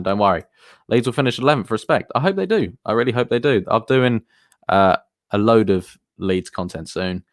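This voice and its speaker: A man's voice: medium pitch, no room sound, clean studio sound. A man chatting casually on a live stream as a football streamer, rambling and answering viewers. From England.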